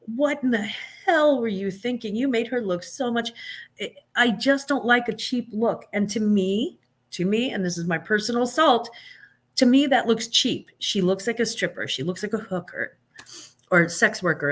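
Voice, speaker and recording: A woman hosting a live stream, giving blunt, sarcastic opinions in casual chat, with many fillers and restarts. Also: mid-range voice.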